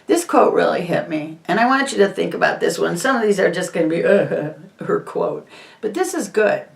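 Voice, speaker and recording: A woman's voice: fairly low pitch, animated, moderate pace, gravelly, far from the mic. A woman hosting a casual monologue vlog, rambling and emphatic, moving between topics. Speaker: host. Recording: echoey room, voice off-mic.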